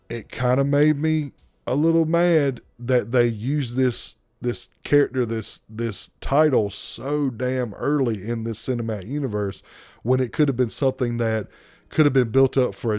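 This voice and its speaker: A man's voice: medium pitch, mellow, dry recording, studio quality. A man from South Carolina with a thick Southern accent giving a blunt, profane movie review. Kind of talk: casual movie review rant.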